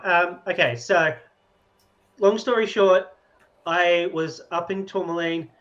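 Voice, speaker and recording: Brief: man, tabletop player, rambling and stammery, somewhat high voice, dull lo-fi sound. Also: fairly even intonation, takes it slowly, fairly bright tone. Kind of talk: playing a tabletop game.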